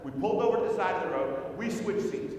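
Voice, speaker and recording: High-voiced man telling stories in an echoey hall. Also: animated, fast, darkish tone. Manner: storytelling, firing rhetorical questions at the audience. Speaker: conference speaker. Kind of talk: keynote storytelling speech. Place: large conference hall. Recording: echoey hall recorded from far off, faint rumble.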